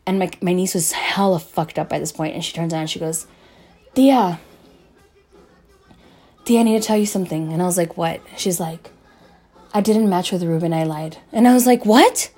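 Casting note: young woman, casual streamer chat, profane, lively retelling, faint music behind. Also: lowish voice, brisk. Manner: profane, animated, acts out quoted voices. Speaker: streamer telling a story.

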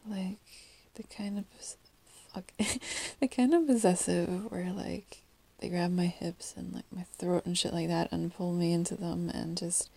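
A young woman with a groggy morning voice, talking in a hushed, halting whisper into a close mic, with many pauses and soft laughs. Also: lowish voice, creaky. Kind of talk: whispered intimate monologue.

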